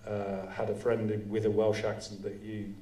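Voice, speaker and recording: A male filmmaker explaining his process at a live audience Q&A, in a measured, explanatory way. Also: fairly low pitch, monotone, dark tone, distant mic. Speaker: writer and director. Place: cinema auditorium. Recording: roomy hall sound, voice from off-mic.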